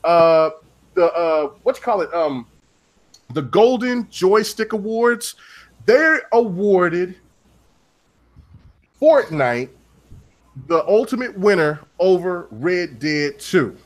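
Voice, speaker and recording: Man, high voice, podcast host, rambling storyteller, swears a lot, casual chat. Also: lively intonation, slow pace, long pauses. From Oklahoma.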